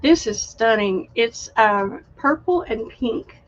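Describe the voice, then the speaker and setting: A woman hosting a live online craft sale, chatty and unhurried, showing handmade items and reading out winning bidders. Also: fairly high pitch, animated, highs cut off. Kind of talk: live online sales stream.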